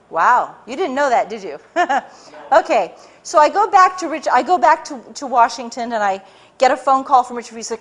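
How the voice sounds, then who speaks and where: A woman with a high, bright-sounding voice addresses a live audience. She tells her story with animation, stumbling and restarting as she goes, and acts out the voices of others. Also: expressive, moderate pace. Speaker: public speaker.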